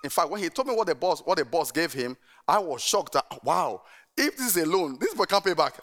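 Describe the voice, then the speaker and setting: A middle-aged male pastor preaching a sermon, telling stories in an animated way and urging the congregation to answer back. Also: fairly high pitch, brisk.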